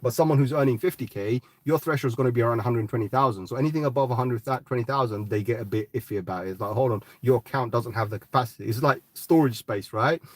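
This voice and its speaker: A man's voice: mid-range voice, fast talker, few pauses, dry recording. A man hosting a live crypto talk, ranting bluntly and swearing, often tagging "right?". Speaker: crypto podcast host.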